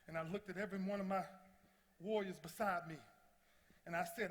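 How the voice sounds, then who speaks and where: A man in his thirties giving an impassioned motivational speech, telling stories that swing from loud to hushed. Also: sits high, a little fast, long pauses. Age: 30s. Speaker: motivational speaker. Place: large convention hall before a big audience. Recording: long reverb of a large hall.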